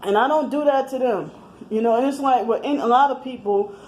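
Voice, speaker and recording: A woman's voice: fairly high pitch, a little fast, a little mellow, rough recording. A woman in her thirties talking in a rambling personal monologue, slightly out of breath, with many restarts and fillers. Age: 30s. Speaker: vlogger.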